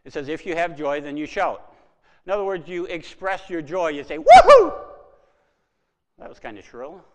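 A middle-aged man preaching a sermon as pastor, animated, swinging from soft asides to loud exclamations. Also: a little high, brisk, long reverb tail.

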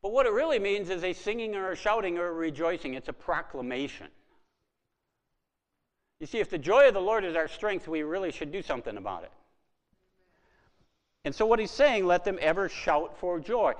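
A middle-aged man preaching a sermon as pastor, animated, swinging from soft asides to loud exclamations. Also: fairly high pitch, big-room sound.

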